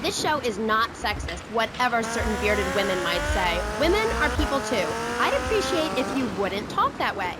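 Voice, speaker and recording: A woman's voice: a little high, big pitch swings, moderate pace, hardly any pauses, heavy background noise. An actress playing a skeptical female radio talk show host who questions her guest with dry sarcasm.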